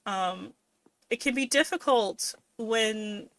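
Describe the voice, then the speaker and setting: A young woman streaming a game, chatty and rambling, with frustrated asides. Her voice is bright and sits somewhat high. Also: slow pace, no echo. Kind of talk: live game stream commentary.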